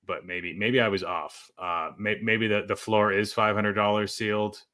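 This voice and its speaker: Podcast host, male, deep and bright-toned, conversational with restarts. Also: little pitch movement, moderate pace. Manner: conversational, frequent fillers and restarts. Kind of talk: casual chat.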